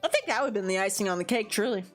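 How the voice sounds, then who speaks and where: A woman's voice: medium pitch, very fast, soft background music. A young woman streamer chatting casually, rambling with lots of fillers and giggles, her nose a bit congested. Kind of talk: casual chat.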